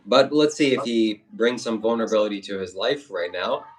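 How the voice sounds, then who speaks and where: Low voiced host guy, calm and snippy, sounds far from the mic with some faint hiss. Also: a little fast. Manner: dismissive, calm and cutting. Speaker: livestream host. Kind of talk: livestream debate. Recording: distant mic with faint noise.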